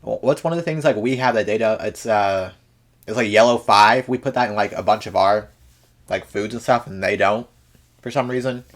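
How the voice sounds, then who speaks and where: A man's voice: lowish voice, moderate pace. A man hosting a reaction video, making casual joking comments full of fillers and mock-serious rants.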